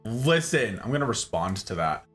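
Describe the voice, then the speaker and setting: A male game streamer whose pitch swings widely as he banters with his chat, laughing often and talking in a loose, casual way. His voice has a bright, forward edge, with faint music playing underneath. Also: big pitch swings, normal speed.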